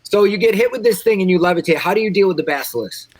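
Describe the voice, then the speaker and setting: A man's voice: high voice, expressive, fast, dry recording. A man playing a tabletop game, narrating his ideas in a playful, jokey way. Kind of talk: casual chat and improvised narration.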